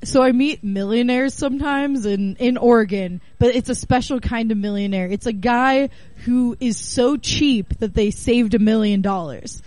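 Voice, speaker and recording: A woman's voice: on the high side, moderate pace, hardly any pauses, dry recording. A woman comedian chatting on a radio show, acting out both sides of her anecdotes and laughing often. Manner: animated storyteller who acts out both sides of the dialogue. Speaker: comedian guest. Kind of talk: casual radio chat.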